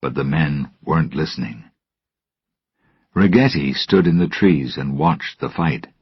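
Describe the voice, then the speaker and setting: A man narrating a storybook with a slow, careful reading manner, recorded dull and lo-fi. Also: very deep voice, husky, dry recording. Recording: dull lo-fi, dry.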